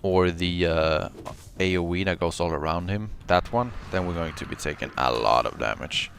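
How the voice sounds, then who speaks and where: Male streamer, deep and gravelly, cursing and yelping through his gameplay commentary. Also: moderate pace, slight background noise. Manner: excitable, swings between muttering and yelling; curses often.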